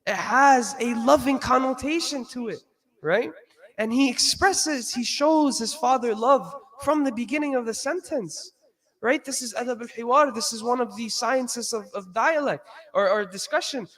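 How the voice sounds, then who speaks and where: A man's voice: extremely high pitch, moderate pace, a bit bright, low-quality recording. A man giving a Friday sermon, reciting verses and explaining them, often checking in with "right?". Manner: checks in with listeners with frequent "right?".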